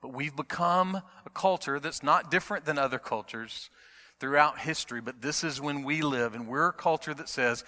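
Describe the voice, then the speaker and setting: A middle-aged man preaching in a church sanctuary, his bright, forceful voice carried by a long hall reverb. He moves from quiet, intimate stretches to emphatic build-ups. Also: a little high, moderate pace. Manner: dynamic preaching, swings from hushed to emphatic. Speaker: pastor. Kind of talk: sermon.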